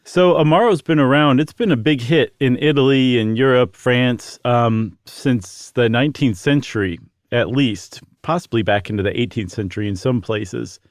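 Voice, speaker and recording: A man's voice: mid-range voice, normal speed, hardly any pauses, no echo, studio quality. A man co-hosting a podcast, chatting casually and explaining things with lots of fillers. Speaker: podcast co-host.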